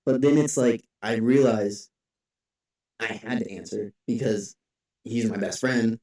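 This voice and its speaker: A man's voice: on the low side, measured pace, a little mellow. A young man co-hosting a podcast in casual chat, rambling with lots of "like" and restarts. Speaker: podcast co-host. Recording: echoey room, far from the mic.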